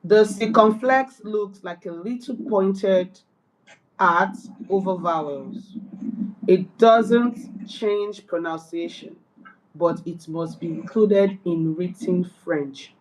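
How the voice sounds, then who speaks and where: Woman, beginner learner, halting reading, casual lesson. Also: lowish voice, a little mellow. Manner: reads notes aloud haltingly, echoes words back.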